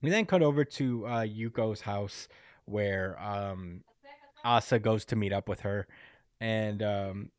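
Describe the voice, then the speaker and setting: A man's voice: on the low side, no echo, clean studio sound. Man recapping a story in voices. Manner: acts out characters' lines in quick put-on voices, laughs often. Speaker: podcast co-host recapping a manga chapter. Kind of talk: casual chat.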